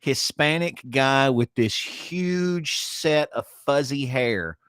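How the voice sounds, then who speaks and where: A man's voice: medium pitch, slow pace, fairly bright tone, smooth, dry recording. A man chatting casually as co-host of an internet show. He rambles, restarts his sentences and fills the gaps with "uh". His voice sits mid-range and sounds close and dry, with no room around it. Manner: rambling, with many fillers and restarts. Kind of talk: casual morning chat.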